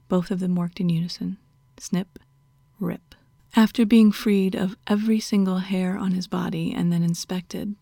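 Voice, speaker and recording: A woman narrating an erotic story in a slow, hushed, mostly unvoiced whisper, close to the mic. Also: fairly low pitch, vocal fry, slightly rough, no echo.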